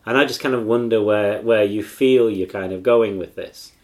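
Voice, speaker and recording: Meandering male interviewer, lowish voice. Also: normal speed. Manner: meandering questions full of "kind of". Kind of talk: interview conversation.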